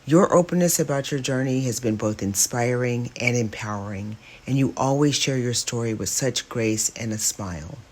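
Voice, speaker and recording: A woman's voice: very deep voice, normal speed, hardly any pauses, a little mellow. A woman hosting a podcast, asking her guest questions in an encouraging way and murmuring agreement as she listens. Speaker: podcast host.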